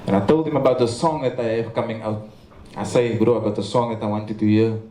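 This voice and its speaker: Talking fast in a fairly low, dark voice with a steady tone, a young Cape Town man from South Africa offers a memorial tribute, earnestly recounting stories and stumbling over words at times. He's in a large memorial venue, and the echoey hall carries faint ambience.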